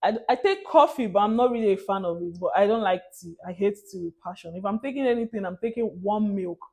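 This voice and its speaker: Young Nigerian woman vlogger, Nigerian accent, chatty and expressive, laughs a lot, drops into Pidgin phrases. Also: mid-range voice, fast talker. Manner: animated, laughs often, mixes in Nigerian Pidgin. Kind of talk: casual storytelling monologue.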